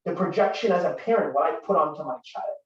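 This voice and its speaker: A man's voice: on the high side, fast talker. A man in his thirties from Canada, giving an earnest, conversational talk built on personal stories. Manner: earnest, conversational, grows forceful. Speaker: guest speaker. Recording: distant roomy lo-fi recording.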